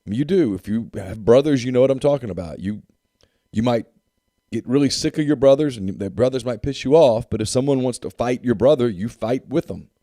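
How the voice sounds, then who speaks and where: A man's voice: mid-range voice, animated, fairly quick, dark tone, no room sound, studio quality. A man co-hosting a sports podcast in casual chat, emphatic and repeating points for effect. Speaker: podcast co-host.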